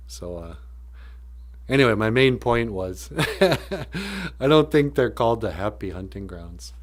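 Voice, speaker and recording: Man, livestream teacher, joking, laughing, mid pitch. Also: very animated, slow pace, pauses often. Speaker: Ojibwe language teacher.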